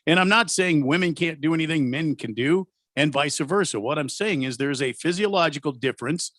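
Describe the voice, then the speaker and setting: A man co-hosting a talk radio show in a studio, agreeing and explaining haltingly with fillers. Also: a little high, a bit bright, dry recording. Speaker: radio co-host. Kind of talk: sports talk radio chat.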